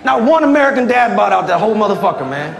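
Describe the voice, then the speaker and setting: High-voiced profane comedian in echoey club. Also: male voice, sing-song, quick pace, vocal fry. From Virginia, US. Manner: profane, loud bursts, laughing through punchlines. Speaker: stand-up comedian and military veteran. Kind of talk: stand-up comedy set. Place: comedy club stage before a live audience. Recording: echoey club with loud crowd laughter.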